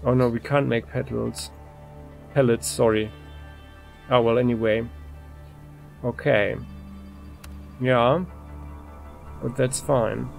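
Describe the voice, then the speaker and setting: Relaxed male let's-play host, gravelly voice, mid pitch. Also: slow, long pauses, faint music behind. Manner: relaxed, thinking aloud with restarts. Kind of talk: casual gameplay commentary.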